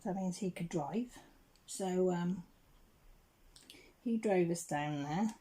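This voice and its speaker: A middle-aged English woman telling a rambling home story while crafting, clearing her throat now and then. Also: fairly low pitch, slow, warm tone. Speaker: crafting channel host.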